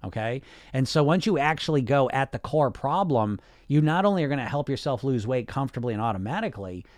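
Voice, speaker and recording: A man's voice: mid-range voice, lively intonation, quick pace, a little mellow, dry recording, clean studio sound. A man hosting a casual podcast monologue as a weight loss coach, blunt and sarcastic, and he swears freely.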